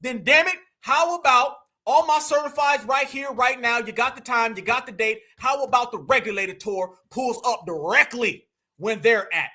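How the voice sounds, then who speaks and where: A man's voice: extremely high pitch, moderate pace, bright, forceful tone. A man hosting a political livestream, delivering a fiery, preachy rant and repeatedly calling his audience family. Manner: preachy, repetitive, calls audience fam. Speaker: livestream host.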